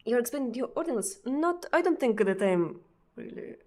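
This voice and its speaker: A woman with a Russian accent, a native Russian speaker, chatting casually with viewers on a live stream. She hesitates often, repeating words and filling pauses. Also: a little high, very animated, a little mellow. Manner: hesitant, many fillers and repeated words, frequent laughs.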